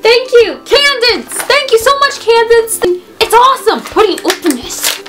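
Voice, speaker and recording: A woman vlogger chatting casually while opening fan mail, gushing and excitable, with frequent gasps and little laughs. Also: very high voice, moderate pace, over loud music. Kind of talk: casual vlog chat.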